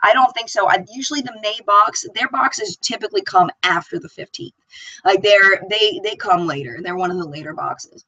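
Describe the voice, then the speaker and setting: Casting: excitable woman streamer, chatty, close dry mic. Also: medium pitch, normal speed, no echo, low-quality recording. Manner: bubbly, chatty, reads viewer comments aloud. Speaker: beauty channel host. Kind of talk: live chat stream.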